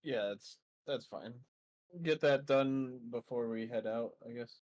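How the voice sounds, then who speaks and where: A man's voice: medium pitch, measured pace, a little mellow. A man playing a tabletop game, polite and easygoing, sometimes speaking in character. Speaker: player.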